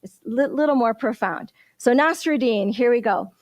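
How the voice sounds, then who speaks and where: A woman minister giving a sermon, telling stories in an animated way and asking the congregation questions. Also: on the high side, moderate pace, no room sound, studio quality.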